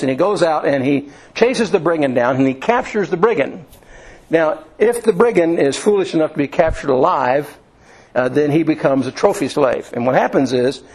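Brief: male preacher, slightly higher voice, homespun storyteller, halting restarts, sermon delivery. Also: darkish tone, low-quality recording. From Indiana, USA. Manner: folksy storytelling with many restarts and fillers.

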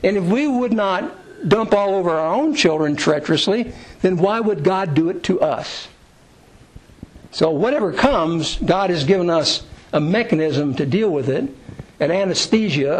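A man's voice: animated, moderate pace, low-quality recording. A middle-aged man preaching a sermon in a conversational way, acting out quoted prayers in a raised voice. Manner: conversational, acts out quoted prayers with rising pitch. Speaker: pastor.

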